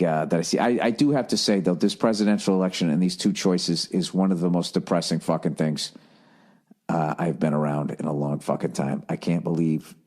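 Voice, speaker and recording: A man's voice: sits low, darkish tone, slightly rough. A man hosting a podcast, ranting in an exasperated, profane monologue while jet lagged. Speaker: podcast host.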